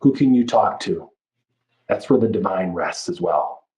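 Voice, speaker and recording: A man's voice: low voice, lively intonation, measured pace, a little mellow, a little hiss or hum, low-quality recording. A man speaking as a life coach in a podcast interview, talking in an earnest, reflective way and often restarting his phrases. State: moved, near tears.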